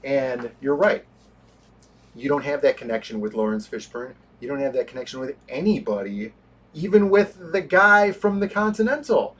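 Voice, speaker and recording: A man co-hosting a casual movie review chat, animated, often acting out scenes in quoted voices. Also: medium pitch, normal speed, slightly rough. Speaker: podcast co-host.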